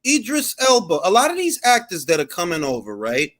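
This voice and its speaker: A man's voice: sits high, wildly swooping pitch, brisk, a bit bright. A man from the Dominican Republic hosting a casual panel chat, giving blunt, profane opinions and slipping into Spanish phrases. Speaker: host.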